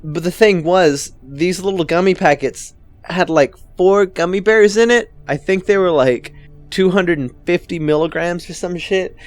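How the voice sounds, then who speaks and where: A man's voice: sits high, measured pace, soft background music. A man in his twenties telling stand-up stories in a casual, rambling way, often swearing. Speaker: comedian. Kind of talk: stand-up storytelling.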